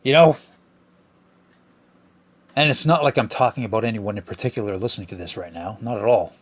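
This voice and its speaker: A man's voice: fairly low pitch, brisk. A man hosting his own podcast alone, talking casually in a profane, exasperated and joking way. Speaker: podcast host. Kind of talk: casual solo podcast rant.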